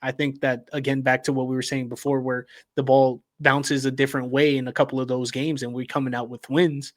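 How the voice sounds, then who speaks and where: An easygoing man chats sports on a podcast in a middle-pitched voice. He often restarts his sentences. The recording is close and dry. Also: level tone, fairly quick, no room sound. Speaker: podcast co-host. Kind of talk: casual sports podcast chat.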